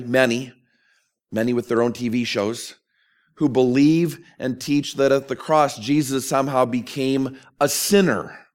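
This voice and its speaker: A man preaching a sermon as a pastor, earnest and emphatic, asking questions of his listeners. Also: medium pitch.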